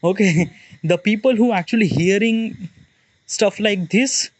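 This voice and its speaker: A man's voice: high voice, a little slow, no echo. Rambling man with an Indian accent. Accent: Indian, Maharashtra. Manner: rambling, many fillers and restarts. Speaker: vlogger. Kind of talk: casual monologue.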